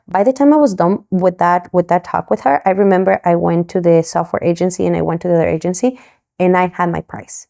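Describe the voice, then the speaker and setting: Low gravelly woman from Mexico. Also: a little fast. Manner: animated, acts out quoted dialogue. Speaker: guest. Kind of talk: storytelling interview.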